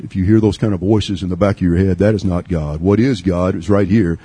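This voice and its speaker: Earnest middle-aged preacher from Texas. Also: male voice, steady tone, brisk, dark tone, husky, dry recording. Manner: earnest, repeats and restarts, swings from high urging to low murmur. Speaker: pastor. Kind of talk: sermon.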